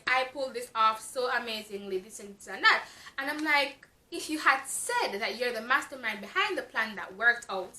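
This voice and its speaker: A woman's voice: a little high, pushed and bright. A woman from Jamaica with a Jamaican accent, giving a frank, exasperated casual book review with lots of fillers. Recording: echoey room.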